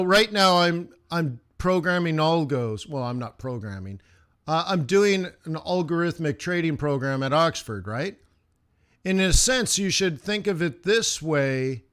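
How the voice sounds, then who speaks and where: A man giving a live trading lesson who talks casually and directly to his viewers. He asks quick questions and chants price moves in rhythmic bursts. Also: fairly high pitch, expressive, a bit bright. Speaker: forex trading instructor.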